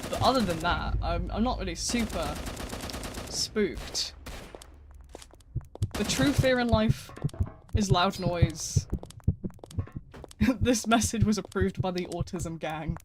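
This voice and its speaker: A male streamer with a high, excitable voice commentates his gameplay live, speaking slowly and pausing often. He's casual, swears and laughs a lot as he reads chat, and the recording is noisy with mouse and keyboard clicks.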